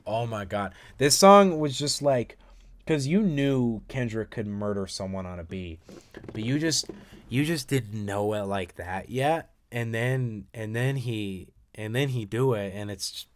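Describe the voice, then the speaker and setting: A young man reads lyrics aloud in laid-back but excitable music commentary, cursing freely and taking his time. His low voice is smooth and resonant, and he swings from loud outbursts to muttered, quiet asides.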